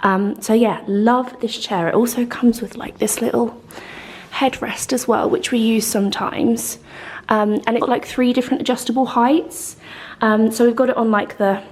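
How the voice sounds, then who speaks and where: A woman's voice: on the high side, steady tone, moderate pace. Chatty young woman vlogging at home. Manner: gentle, chatty, lots of fillers. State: emotional, close to tears. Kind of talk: casual chat to camera. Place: home, indoors.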